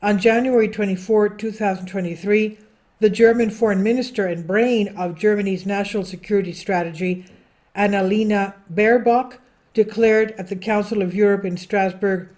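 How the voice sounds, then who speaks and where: A woman's voice: medium pitch, steady tone, normal speed, darkish tone. A woman hosting a political commentary channel, reading a news article aloud with her own asides, self-corrections and stumbles over foreign names.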